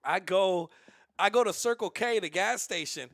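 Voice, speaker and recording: Rambling, animated young-sounding man streamer. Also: high-pitched, moderate pace, no room sound, clean studio sound. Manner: rambling, animated, with many restarts. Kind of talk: casual livestream storytelling.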